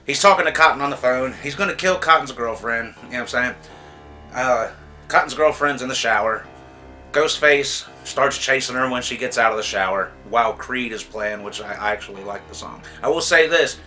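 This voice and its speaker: This movie reviewer talks with a sharp tone at medium pitch. Hosting his casual vlog, he's frank and fed up, rambling in a talky way and dropping "you know what I'm saying" again and again.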